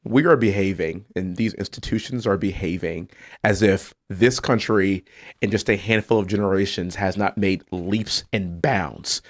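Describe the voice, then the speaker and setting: A congressman speaking as a podcast guest, earnest and emphatic, telling stories from his own family. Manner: lively, swings between low serious tones and high exclaiming. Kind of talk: casual podcast conversation.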